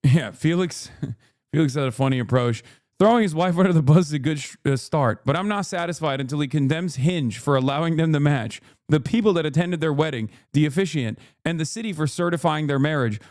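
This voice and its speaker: Guy streamer ranting, lots of swearing, keeps going okay?, kinda high voice, dry close sound. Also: a little fast, a little mellow, no echo. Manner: profane, emphatic, keeps asking "okay?". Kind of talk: casual commentary rant.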